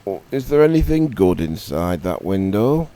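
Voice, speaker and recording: A man's voice: low voice, big pitch swings, moderate pace, mellow. A man with a Northern English accent voicing a small, curious and determined male frog in a bedtime story, talking eagerly. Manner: eager, chatty northern speech.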